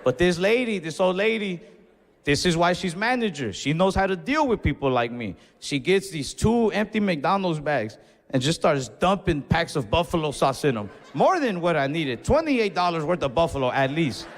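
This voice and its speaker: Man doing stand-up, casual and cursing, slightly high voice, long club reverb, faint crowd. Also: sing-song, moderate pace. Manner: casual, profane, exasperated. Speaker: stand-up comedian. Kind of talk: stand-up comedy storytelling. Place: comedy club stage. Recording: reverberant venue with faint audience noise.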